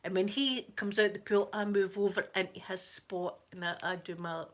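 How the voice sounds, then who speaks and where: A Scottish woman who hosts an ASMR channel tells a story in casual chat, speaking at medium pitch and a moderate pace. She's chatty and animated, often breaking into laughter and dropping into soft asides.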